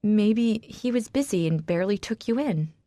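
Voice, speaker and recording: A woman's voice: mid-range voice, animated, normal speed, no room sound, studio quality, close to an everyday voice. A woman voicing a worried young woman friend. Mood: concerned. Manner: gentle, concerned.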